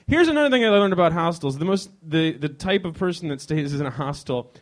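A man's voice: on the high side, animated, fairly quick. A man from Chicago doing a rambling stand-up set in a hostel lounge, teasing the audience and often restarting his sentences. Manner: rambling, teasing the crowd, frequent self-interrupting restarts. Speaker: comedian performing for a small live audience. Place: hostel lounge, leaning on a leather couch.

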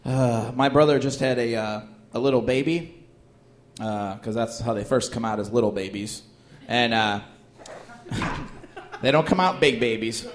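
A man's voice: mid-range voice, unhurried, pauses often. A male comedian doing loose, joking banter with plenty of fillers and laughter. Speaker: stand-up comedian, guest. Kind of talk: comic banter and stand-up bit.

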